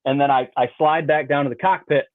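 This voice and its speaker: A man, a podcast guest, telling a story in an animated, rambling way, filling with "like" and "you know" and mimicking sounds. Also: mid-range voice, a little fast, dry recording. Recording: tinny dry phone-like line.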